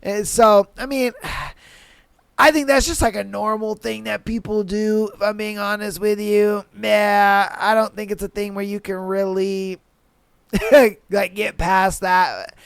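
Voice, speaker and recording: Slangy, animated podcast host, dry close sound. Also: mid-range voice, measured pace, gravelly, smooth, no room sound. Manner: animated, swears freely, acts out customers; loose slangy talk with many fillers. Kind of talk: casual commentary on reader posts.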